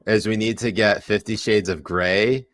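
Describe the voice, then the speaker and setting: A man's voice: fairly low pitch, steady tone, moderate pace, a bit bright, no echo. A man co-hosting a podcast in casual, crude banter, laughing often. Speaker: podcast co-host.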